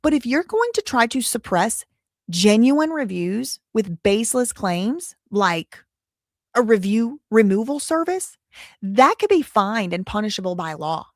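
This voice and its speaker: A woman's voice: fairly high pitch, big pitch swings, a little slow, no room sound, studio quality. A woman hosting a live commentary show, reading out documents with sarcastic, wry asides.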